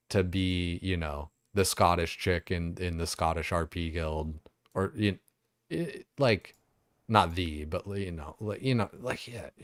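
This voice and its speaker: A young man with a low voice chats loosely while streaming a game. He rambles, swears freely and keeps circling back on himself. The sound is close and dry, with no room behind it. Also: clear, resonant tone, dry recording. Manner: rambling, swears a lot, many fillers.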